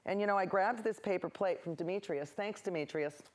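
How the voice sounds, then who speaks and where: A woman's voice: mid-range voice, brisk. A woman hosting a local TV painting show, chatting in rambling, cheerful tangents as she paints. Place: local access TV studio.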